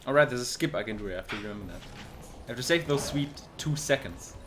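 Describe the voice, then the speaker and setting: Male speedrunner, dry sarcastic live commentary, mid pitch, audible background noise. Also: expressive, quick pace, a bit bright. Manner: dry, sarcastic, swears when frustrated.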